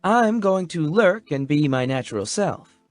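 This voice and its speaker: Brief: dry, caustic young woman, read by a male narrator, flat deadpan delivery, slow and raised pitch. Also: no room sound, soft background music. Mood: deadpan sarcastic. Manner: caustic near-monotone deadpan. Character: dry sarcastic young woman, standoffish loner.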